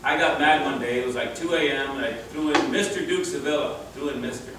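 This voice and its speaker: Speaking fast in a steady, mid-range voice, a middle-aged man gives a casual storytelling speech to a crowd at a reunion. He rambles and chuckles through his tales, restarting frequently, while the room sounds very echoey, noisy and far off.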